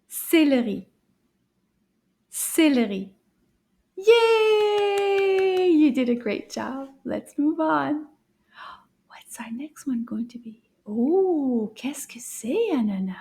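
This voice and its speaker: A high-pitched woman leads a children's lesson at a very slow, deliberate pace. She draws each word out for young learners, cheers them on, and often slips into soft whispers between words. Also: vocal fry. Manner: slow, drawn-out word modeling with frequent soft whispered asides; encouraging, praising the listener. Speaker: French teacher for kids.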